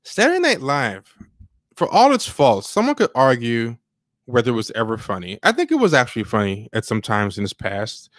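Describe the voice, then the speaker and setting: A man talks in a loose, rambling livestream chat, sardonic and mocking, at an ordinary middle pitch. The sound is dry and close, with no room around it. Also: wildly swooping pitch, moderate pace, a bit bright, no room sound. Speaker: podcast co-host. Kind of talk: casual livestream commentary.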